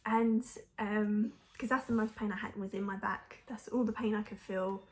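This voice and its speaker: A woman's voice: mid-range voice, fairly even intonation, moderate pace, a little mellow. A young woman telling a personal story to camera in a frank, chatty way, laughing often and using lots of fillers. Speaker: mum vlogger.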